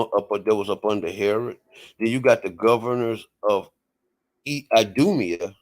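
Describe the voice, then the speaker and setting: A man hosting an online show, reading aloud and arguing heatedly, repeating "right?" and "people" as he pushes his point. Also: mid-range voice. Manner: emphatic, repeats "right?" and "people", rising to loud outbursts. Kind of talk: heated casual commentary reading from screen.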